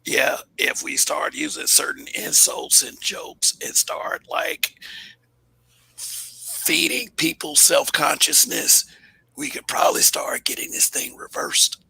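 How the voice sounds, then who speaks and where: A man's voice: on the high side, big pitch swings, slow, vocal fry, bright, forceful tone, husky, low-quality recording. A man hosting a live-stream panel, talking loosely with many fillers and restarts. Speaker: livestream host. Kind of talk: casual live-stream chat.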